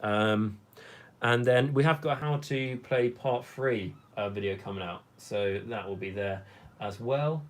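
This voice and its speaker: Hoarse rambling livestream host, man. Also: on the low side, unhurried. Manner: rambling, reads out chat comments. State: hoarse from talking for hours. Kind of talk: casual livestream chat.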